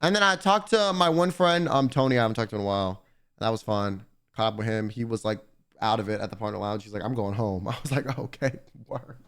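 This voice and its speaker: A man's voice: on the low side, fast talker, fairly bright tone, smooth. A man streaming live, casually telling a long convention story to his chat, rambling and swearing a lot.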